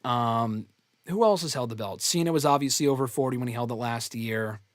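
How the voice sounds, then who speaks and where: A man's voice: mid-range voice, brisk, no echo. Blunt, chatty man on a dry mic. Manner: loose, blunt, casual swearing, frequent "um" and "I mean". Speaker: host answering fan questions. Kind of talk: casual live Q&A chat.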